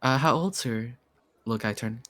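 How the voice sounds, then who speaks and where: A man's voice: mid-range voice, moderate pace, bright, forceful tone, no echo, lightly acted. A man voicing a courteous, slightly nervous restaurant waiter who hesitates and repeats himself.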